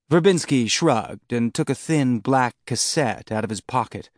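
Steady male audiobook narrator, dry studio sound. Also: medium pitch, a little slow, few pauses, dry recording. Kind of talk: scripted narration.

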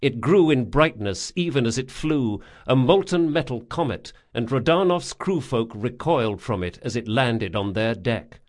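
A man's voice: mid-range voice, expressive. Man reading a fantasy audiobook. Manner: measured, dramatic reading. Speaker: audiobook narrator. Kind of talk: scripted fantasy narration.

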